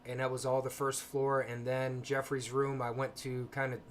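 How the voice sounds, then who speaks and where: A man hosting a casual livestream, talking softly and hesitantly with frequent pauses and fillers, greeting chat viewers between stretches of explanation. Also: medium pitch, completely flat delivery, slight background noise. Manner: soft-spoken, hesitant with many ums. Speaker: paranormal livestream host.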